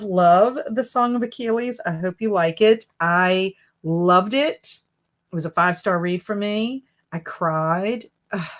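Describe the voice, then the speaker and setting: A woman in the middle of her usual range hosts a relaxed reading livestream. She chats along and reads viewer comments aloud. Her pitch leaps up brightly each time she greets someone. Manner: friendly, jumps up bright on greetings. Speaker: booktube livestream host.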